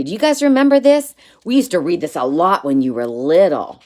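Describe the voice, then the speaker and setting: A woman's voice: lowish voice, a little fast, hardly any pauses. A woman reading a children's picture book aloud to kids, telling it expressively. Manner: expressive, animated storytelling. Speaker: story reader.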